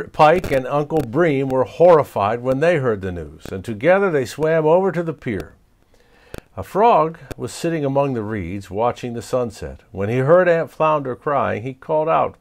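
A man reading a children's storybook aloud as storyteller, expressive and chuckling. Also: mid-range voice.

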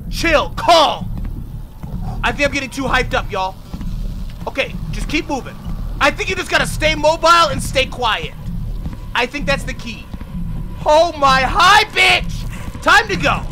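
A man doing excitable, profane let's play commentary on a horror game, yelling at the game and talking to viewers as "y'all". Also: very high-pitched, measured pace, long pauses, background noise. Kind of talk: casual gameplay commentary. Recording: game music loud behind the voice. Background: horror game music.

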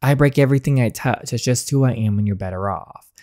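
A man reading the part of a guilt-ridden young man in love, narrating and pleading in a soft, earnest voice. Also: mid-range voice, a little fast, dry recording, studio quality, lightly acted. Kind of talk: reading game narration aloud.

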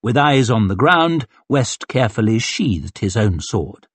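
A man narrating an audiobook in a dramatic, expressive storytelling manner. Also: mid-range voice, unhurried, breathy edge, dry recording.

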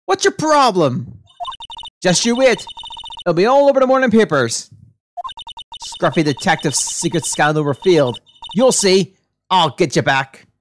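A brash, pushy reporter woman with a Southern US drawl, as a woman puts her on. She is loud and forceful, her pitch swinging widely, over game music. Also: animated, unhurried, pauses often, a little hiss or hum. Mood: indignant. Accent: Southern US (attempted).

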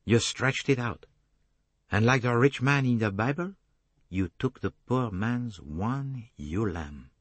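A man reading an audiobook voices a fastidious middle-aged Belgian detective, precise and courteously relentless. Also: medium pitch, expressive, dry recording, voice pushed up. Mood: probing.

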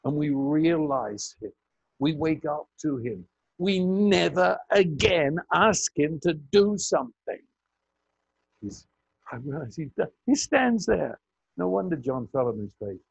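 An older man preaching a sermon slowly and emphatically, his pitch swinging high for emphasis. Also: expressive, creaky, slightly rough, no echo. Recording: muffled audio with buzz.

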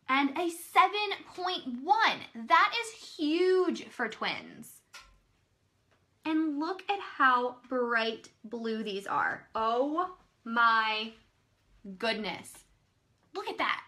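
A woman hosting a live online sales demo, gushing over every item with frequent excited exclamations. Her voice is bright and fairly high, swinging widely in pitch as she talks. She speaks at a slow, drawn-out pace. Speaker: live-stream pearl seller.

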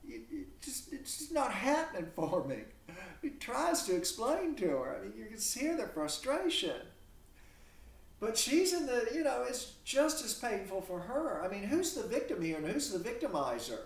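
A man lecturing a class on literature, animated and full of rhetorical questions, heard from a distance in a classroom. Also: very high-pitched, normal speed, vocal fry. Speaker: literature instructor. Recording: echoey classroom from far off.

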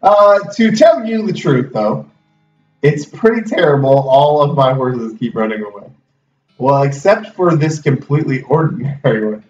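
A man voicing a downtrodden old-west horse seller, talking slowly and plaintively. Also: mid-range voice, expressive, darkish tone, close to an everyday voice. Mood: weary. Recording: roomy, distant, dull, faint music.

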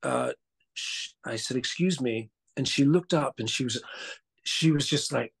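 Male guest, gravelly, mid-pitched, mixed part-Australian accent, animated and stammering. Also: unhurried. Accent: mixed, partly Australian. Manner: animated, stammering restarts, laughs and mimics voices. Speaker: actor and guest. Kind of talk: casual interview chat.

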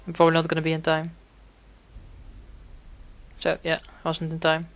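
A man's voice: on the high side, monotone, normal speed, fairly bright tone, faint music behind. A man giving casual gameplay commentary, rambling and swearing a lot, with frequent fillers and restarts. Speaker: gaming commentator.

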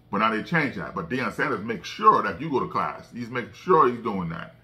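A man with a very bright, forceful voice talks through sports news in a loose, rambling way. He repeats words and restarts phrases often and turns emphatic when he acts out what others said. His pitch sits in the middle range for a man. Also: very animated, brisk. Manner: repetitive, stammering restarts. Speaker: commentator. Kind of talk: casual sports commentary.

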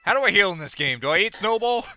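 An excitable man narrates his own gameplay with a very animated, swooping pitch. His voice has a piercing, sharp edge. He chats to the characters on screen and yelps and curses when things go wrong. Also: fast talker, soft background music. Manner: excitable, yelping and cursing at the game; talks to himself and the characters on screen. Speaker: gaming video host. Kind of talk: let's play commentary.

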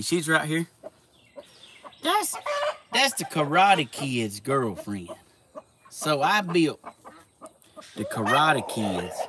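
A man with a drawl talks slowly and fondly to his farm animals, his pitch a bit high and very lively as he coos at them. He is outdoors, and loud clucking and crowing from chickens and roosters sit right behind his voice. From Southern United States. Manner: slow, doting, baby-talk to animals, drawling. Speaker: vlogger. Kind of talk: casual chat with animals. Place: outdoors among animal pens. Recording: loud outdoor background noise.

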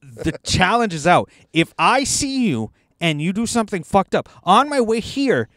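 A man rants his way through a story in casual chat, cursing often. His voice sits a little higher than most men's. It is recorded close and dry inside a car. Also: sing-song, moderate pace, fairly bright tone, no echo. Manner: profane, ranting storyteller. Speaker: podcast co-host.

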